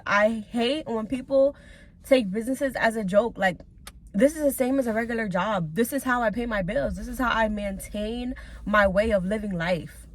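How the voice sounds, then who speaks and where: A young woman, a lash tech, telling a storytime vlog in an animated, exasperated way, acting out both sides of the talk. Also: fairly high pitch. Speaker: lash technician and vlogger.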